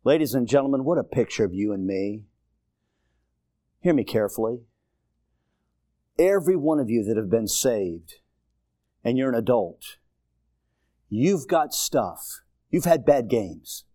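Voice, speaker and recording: A man preaching a sermon as a visiting preacher. He swings between low, quiet asides and loud, high, shouted exhortation, with repetitive, rousing phrases. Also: sing-song, unhurried, long pauses, dry recording, studio quality. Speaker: guest preacher.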